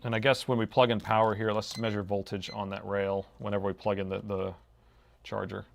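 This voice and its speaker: A man's voice: fairly low pitch, level tone, fairly quick, creaky, a little hiss or hum. A middle-aged man giving live, thinking-aloud commentary as he repairs a laptop, in a laid-back drawl that tacks "man" onto his sentences. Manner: thinking aloud while measuring.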